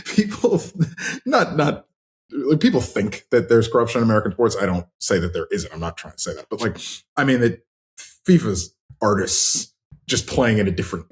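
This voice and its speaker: A man cohosting a sports podcast, talking in an animated, exasperated, rambling way. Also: lowish voice, a little fast. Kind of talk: casual podcast chat.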